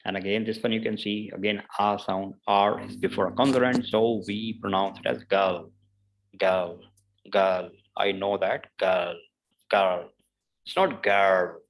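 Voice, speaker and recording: A man's voice: lowish voice, gravelly, poor audio. A man teaching a pronunciation lesson, repeating example words several times and explaining patiently. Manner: slow, repeats each word several times; explains patiently with many "obviously" and "uh".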